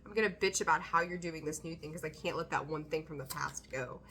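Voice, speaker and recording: A woman's voice: sits low, fast talker, sharp tone, slight background noise. A woman doing a casual tarot reading, talking bluntly, swearing freely and laughing often. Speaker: tarot reader.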